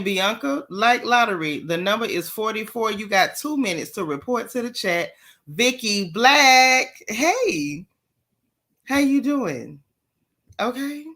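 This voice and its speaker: A woman's voice: medium pitch, bright, forceful tone. A woman hosting a live stream, chatting casually and repeating phrases for emphasis. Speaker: livestream host.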